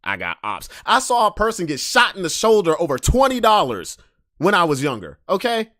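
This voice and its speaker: A man talks straight into a close, dry microphone in a casual podcast rant. His pitch swings widely as he goes from loud, pointed emphasis to low muttering asides. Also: huge pitch swings, moderate pace, dry recording. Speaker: podcast host.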